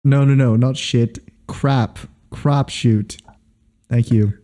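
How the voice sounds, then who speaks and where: A man's voice: medium pitch, fairly even intonation, slow, dark tone. A man co-hosting a casual podcast, stammering and repeating words as he asks questions. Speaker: podcast co-host.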